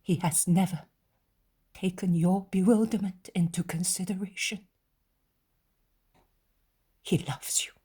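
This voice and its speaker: Woman playing a gentle grieving mother, whispered role-play, breathy and slow, soft paused sentences. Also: lowish voice, fairly even intonation, exaggerated voice. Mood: tender, grieving.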